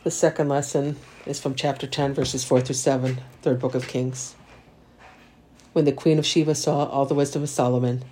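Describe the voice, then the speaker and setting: A man reciting the Divine Office, reading psalms and lessons in a steady liturgical recitation. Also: mid-range voice, normal speed, slightly rough. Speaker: prayer leader.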